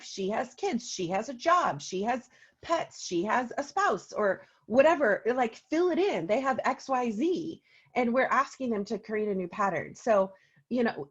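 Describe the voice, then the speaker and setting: On a casual video call, a woman co-hosting an oils business meeting spins stories in a chatty way, dropping in lots of ums. Her voice sits a little high with a breathy edge, and the sound is lo-fi.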